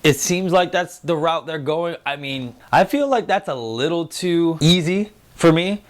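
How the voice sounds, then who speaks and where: A man's voice: a little high, measured pace. A man in his thirties hosting a casual review show, talking loosely, swearing freely and acting out quotes in silly voices. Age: 30s. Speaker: host. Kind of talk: casual spoiler review chat.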